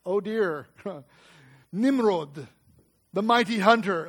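Male pastor, high pitch, animated delivery with questions and jokes, sermon. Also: normal speed. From United States.

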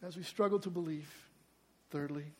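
A pastor preaches a sermon at a moderate pace in a high, bright-sounding register. Emphatic, he leans on rhetorical questions to the congregation and acts out quoted cries with sudden loud bursts.

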